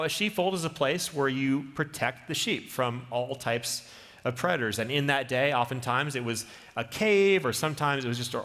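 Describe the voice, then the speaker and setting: A man preaching a sermon as a pastor, telling a story in the second person with lively, dramatic delivery. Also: medium pitch. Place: church sanctuary. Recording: long church reverb.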